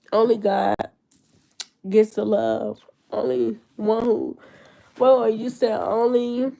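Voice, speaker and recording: A woman's voice: mid-range voice, gravelly, mellow. A nineteen-year-old woman with a cold and a stuffed-up nose, rambling in casual chat with her viewers on a livestream. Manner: rambling, answering chat comments.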